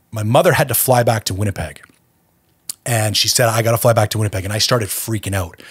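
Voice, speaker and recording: A man's voice: fairly low pitch, breathy edge, no room sound, studio quality. A man hosting a podcast, telling his own recovery story bluntly and with plenty of swearing. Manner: blunt, profane, intense storytelling. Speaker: podcast host.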